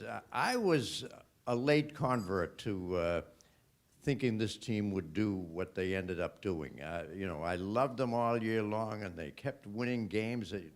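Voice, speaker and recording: A man on a panel at a hotel event, reminiscing thoughtfully and pausing often with fillers. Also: fairly low pitch. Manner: reflective, hesitant with fillers.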